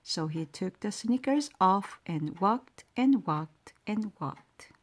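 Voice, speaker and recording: Brief: female storyteller, bedtime read-aloud, slow with a lively melody. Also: medium pitch.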